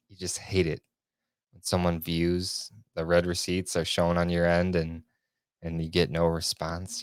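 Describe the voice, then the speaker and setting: Low-voiced man hosting a casual podcast. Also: clean tone, no echo, studio quality. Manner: rambling, self-correcting, chatty. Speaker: podcast host. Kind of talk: casual solo podcast chat.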